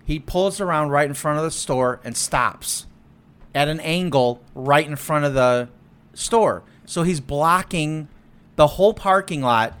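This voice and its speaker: A man's voice: fairly high pitch, unhurried, clean tone. A man co-hosting a podcast in casual chat, telling stories with lots of swearing and acting out what people said. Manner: animated storytelling, swearing, acts out quotes loudly. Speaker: podcast co-host.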